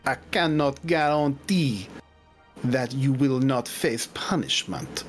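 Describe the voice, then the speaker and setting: A man voicing a mischievous female druid with a put-on Jamaican-style accent, speaking slowly and deliberately. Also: mid-range voice, lively intonation, soft background music. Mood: threatening. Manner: slow, deliberate, warning delivery.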